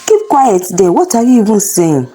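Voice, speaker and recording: A woman voicing a jealous middle-aged husband who shouts accusations at his wife. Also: medium pitch, very animated, moderate pace, voice pushed up. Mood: furious shouting.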